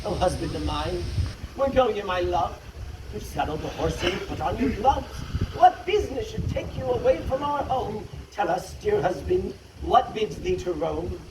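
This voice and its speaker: A man's voice: high voice, lively intonation, moderate pace, roomy sound, far from the mic, noisy background. A man voicing a suspicious wife questioning her husband in rhymed verse, recorded from afar outdoors.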